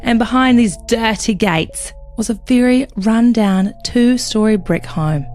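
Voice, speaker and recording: A woman's voice: on the high side, unhurried, a little mellow, soft background music. A woman co-hosting a casual true-crime podcast, playful and chatty, swearing freely and joking around. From not from England. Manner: playful, swears freely, tries out put-on accents. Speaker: podcast co-host.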